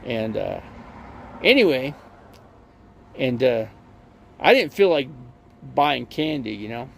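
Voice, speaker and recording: Very gravelly man rambling on a stream. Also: medium pitch, very animated, slow pace, slight background noise. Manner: rambling storyteller, many fillers and restarts. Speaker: live streamer. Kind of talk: casual rambling chat.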